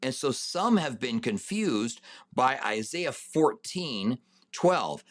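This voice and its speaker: This man answers viewers' questions while teaching a Bible study, taking his time and frequently restarting or filling pauses. His mid-range voice has a sing-song quality and rises emphatically when he reads scripture.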